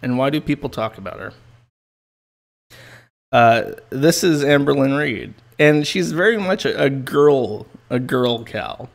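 Man, stream host, casual commentary, rambling and profane, mid-pitched voice. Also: expressive, measured pace, creaky. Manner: rambling, profane, amused, with restarts and chuckles.

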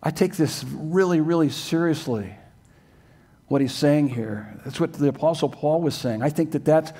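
An older man preaches to his congregation in a church sanctuary. His voice sits on the higher side. He talks in an earnest, emphatic way and presses his listeners with rhetorical questions. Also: moderate pace, warm tone. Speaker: pastor. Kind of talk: sermon.

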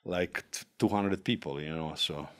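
Man speaking halting. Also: deep voice, fairly bright tone. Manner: halting, many fillers and restarts, non-native grammar. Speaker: guest, former legionnaire. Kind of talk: casual podcast chat.

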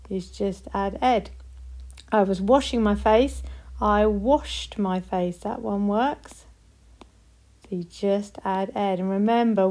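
British woman, primary teacher, patient and encouraging, models sentences slowly. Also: mid-range voice, darkish tone. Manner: slow, clear, encouraging, models example sentences. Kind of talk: recorded classroom lesson for young children.

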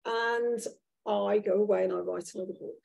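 A woman speaking to an audience at a live event, telling a story from her life in a candid, self-deprecating way. Her voice is mellow and dark, with a gravelly, husky edge. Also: medium pitch, fairly even intonation, normal speed, rough recording. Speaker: author guest at a live talk. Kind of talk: anecdotal storytelling in a live conversation.

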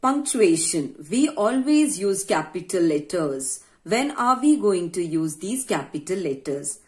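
A woman's voice: fairly low pitch, big pitch swings, unhurried. A woman teacher with an Indian English accent, patiently walking young children through a grammar worksheet and asking herself questions as she explains.

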